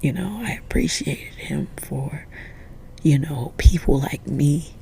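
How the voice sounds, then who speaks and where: A woman giving an emotional spiritual pep talk in a hushed, tender whisper, with casual swearing and a close mic. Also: low voice, slow, creaky, slight background noise. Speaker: spiritual vlogger.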